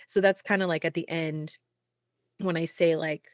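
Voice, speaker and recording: A young woman, a singer-songwriter, talking candidly in a casual interview, peppering her speech with "like" and quick laughs. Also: low voice, steady tone, dry recording, studio quality. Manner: frequent "like" fillers, quick laughs.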